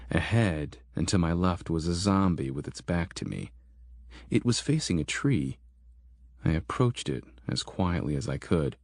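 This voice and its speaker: A man narrating a horror audiobook in a steady, measured storytelling manner. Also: deep voice, dry recording, studio quality.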